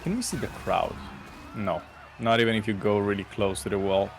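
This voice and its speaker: A man's voice: lowish voice, steady tone, normal speed, background noise. A man co-hosting a game stream, chatting casually with easygoing, slightly non-native phrasing. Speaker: co-host. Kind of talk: casual gameplay chat.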